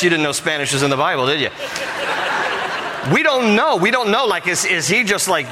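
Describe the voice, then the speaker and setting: A man's voice: high voice, lively intonation, brisk, bright, forceful tone, slight background noise. A man preaching a sermon, joking conversationally and telling the story with plenty of animation. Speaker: pastor. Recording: hall reverb.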